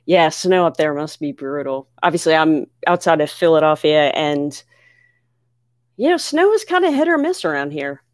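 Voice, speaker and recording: A woman from the United States hosting a casual livestream, reading viewer comments aloud and answering questions in an excitable, chatty way. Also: low voice, normal speed, dry recording, clean studio sound. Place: home near Philadelphia.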